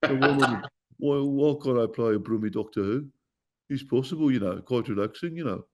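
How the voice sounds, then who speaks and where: A man's voice: mid-range voice, fairly quick, a little hiss or hum. A middle-aged man with a Glaswegian Scottish accent, a guest actor chatting in an interview in a playful, joking way. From Scotland. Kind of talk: casual interview chat.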